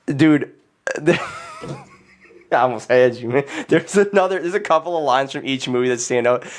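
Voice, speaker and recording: A man's voice: mid-range voice, moderate pace, slight background noise. Laughing, swearing male podcast host. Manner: profane, laughing storyteller who says "dude" constantly. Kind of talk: casual chat.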